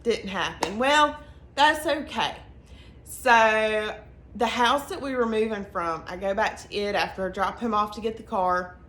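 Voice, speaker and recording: A young woman with a Southern US accent telling her story to camera in a chatty, earnest way, racing through some phrases and slowing right down on others. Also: medium pitch, fairly bright tone. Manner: chatty, earnest, quick bursts between slow emphatic phrases. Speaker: vlogger. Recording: echoey room with faint ambient noise.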